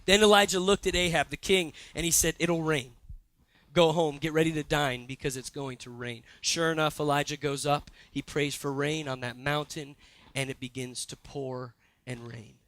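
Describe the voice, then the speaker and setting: A young man preaching a sermon, retelling a story with lively asides and quoted lines. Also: a little high, moderate pace, no room sound. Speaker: pastor. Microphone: handheld or stage mic.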